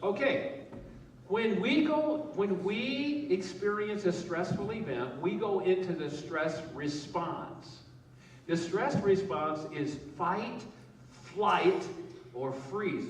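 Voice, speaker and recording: A man's voice: high voice, lively intonation, takes it slowly, slight background noise. A male pastor giving a conversational sermon, asking the congregation questions and joking with them. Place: church hall with a live congregation. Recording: echoey hall, voice from a distance.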